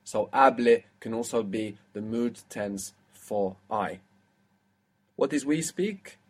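A man's voice: fairly low pitch, animated, slow pace. A man teaching a language lesson, explaining step by step and quizzing his student.

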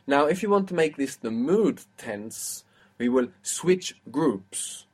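A man's voice: on the high side, lively intonation, slow pace, darkish tone, breathy edge. A man teaching a language lesson, explaining step by step and quizzing his student.

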